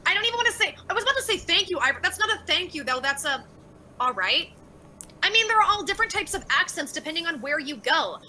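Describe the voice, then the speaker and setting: A woman's voice: very high voice, very animated, quick pace, sharp tone, a little hiss or hum, rough recording. A woman livestreaming and reading out chat messages, talking bluntly with lots of swearing and exasperation.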